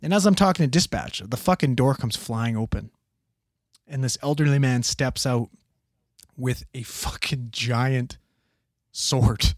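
A man's voice: medium pitch, unhurried, long pauses, no echo, studio quality. A young man who works as a paramedic, telling a wild work story in a casual, profanity-laced way and acting out the people in it. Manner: profane, animated, acts out the people in his story.

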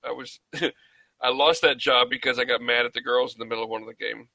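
Male co-host, gravelly yet bright tone, dry close mic. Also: medium pitch, steady tone, quick pace, no room sound, poor audio. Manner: laughs often, gravelly. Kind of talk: casual chat.

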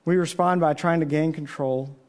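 A man preaching with an earnest, storytelling manner. His voice sits a little high for a man, and it lifts further whenever he asks a question. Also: fairly even intonation, normal speed, a little mellow. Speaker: pastor. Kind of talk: sermon.

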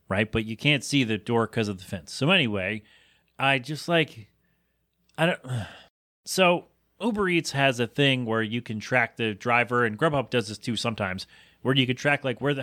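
A man's voice: a bit bright, no room sound. Podcast host, male, solo rambling monologue, exasperated storyteller, dry booth sound. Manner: exasperated storytelling, rising in pitch when incredulous.

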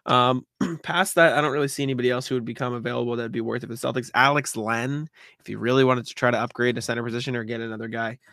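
A man's voice: mid-range voice, steady tone, rapid-fire, hardly any pauses, bright, forceful tone, dry recording, studio quality. A man co-hosting a casual basketball podcast, easygoing, asking questions and laughing often. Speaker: podcast co-host.

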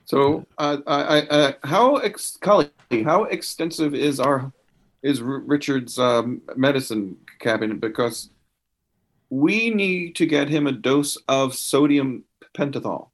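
A man as a player in a tabletop game, talking haltingly with many fillers. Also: mid-range voice. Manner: halting, filler-heavy speech. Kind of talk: tabletop role-play.

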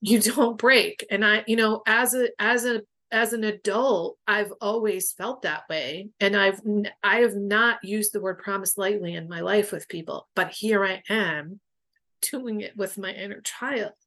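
A woman's voice: mid-range voice, a little slow, bright, forceful tone. A woman guest and boundaries coach telling personal stories in a frank, emotional way, swearing freely. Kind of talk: candid conversational storytelling.

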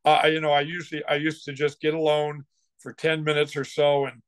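Older ex-football coach as a guest, rambling and animated, voice pitched a bit high, very dry sound. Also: male voice, brisk, clean tone, no room sound. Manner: rambling, restarts often, gets fired up telling stories. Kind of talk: casual interview talk.

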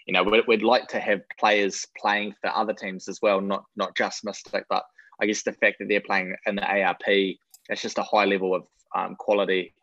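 Low-voiced man, relaxed guest on a dull line. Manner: relaxed, self-deprecating, thinks aloud. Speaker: rugby performance director. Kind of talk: interview guest.

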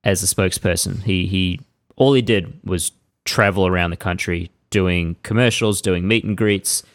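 Male podcast host, low register, dry close sound, relaxed storyteller. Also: normal speed, dry recording. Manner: conversational, relaxed storytelling with restarts. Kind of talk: casual chat.

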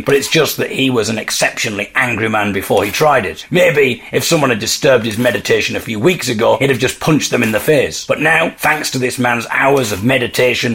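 A man telling a funny travel story as scripted narration, with dry deadpan asides. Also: mid-range voice. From England. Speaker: podcast host.

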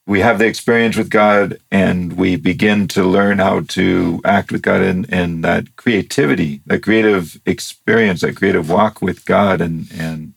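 A man hosting a talk show who reflects on faith in a thoughtful, measured way and asks rhetorical questions. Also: low-pitched, creaky, slightly rough, dry recording.

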